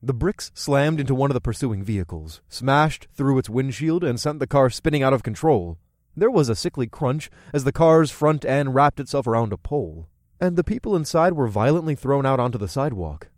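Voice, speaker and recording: A man reading a first-person action audiobook, his pitch rising and falling with animated expression. The voice sits at a middle pitch, and the recording is dry and close with no room sound. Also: a little fast, dry recording. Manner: lively, expressive storytelling. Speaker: audiobook narrator.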